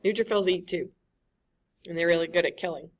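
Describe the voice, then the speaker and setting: A woman's voice: on the low side, brisk. A woman giving a classroom lecture, conversational and often checking in with the students.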